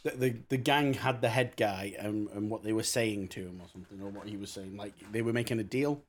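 A man's voice: fairly low pitch, brisk. Wry man chiming in with jokes. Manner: wry, joking interjections. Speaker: podcast co-host. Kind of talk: casual film-review chat.

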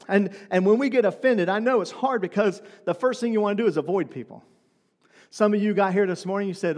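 A man's voice: high voice, quick pace. A man preaching a sermon as pastor, talking to the congregation in a conversational way and asking lots of rhetorical questions. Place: church hall. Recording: long hall reverb.

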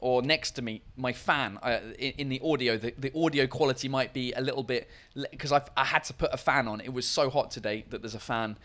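A man's voice: mid-range voice, brisk, few pauses, fairly bright tone. Rambling, foul-mouthed male podcast host. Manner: rambling, swears freely, self-correcting. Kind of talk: casual live-stream chat. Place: hot room at home with a fan running.

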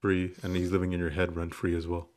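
Brief: male co-host, low voice, rapid delivery, needling questions, jokey. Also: completely flat delivery, a little mellow. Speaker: podcast co-host. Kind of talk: casual chat.

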